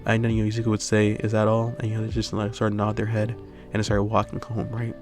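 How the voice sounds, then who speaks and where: A man's voice: lowish voice, completely flat delivery, quick pace, gravelly, darkish tone, faint music behind. A man improvising a fan story aloud in a rambling way, full of fillers and tag questions. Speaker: channel host.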